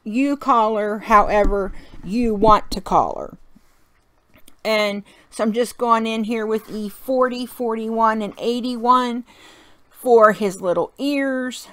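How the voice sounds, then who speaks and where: A woman's voice: on the high side, takes it slowly, a bit bright. A woman hosting a card-making tutorial, talking in a chatty, folksy way while she works and laughing often. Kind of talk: casual crafting tutorial narration.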